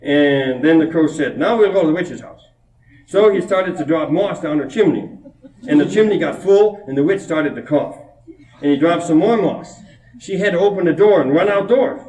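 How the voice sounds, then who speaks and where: A man's voice: on the high side, darkish tone. A man, a poet from Minnesota, chatting to an audience at a reading and retelling a small child's stories with amusement. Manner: chatty and amused, laughing between anecdotes. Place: college hall before an audience. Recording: roomy echo, distant mic, old reel-to-reel tape.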